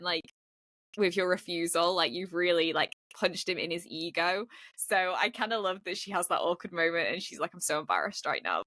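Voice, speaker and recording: A woman co-host chatting casually, her voice bright and forward. She rambles along with plenty of fillers and laughs as she goes. The sound is dry and close, with little room. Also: medium pitch, no echo. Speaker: podcast co-host. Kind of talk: casual chat.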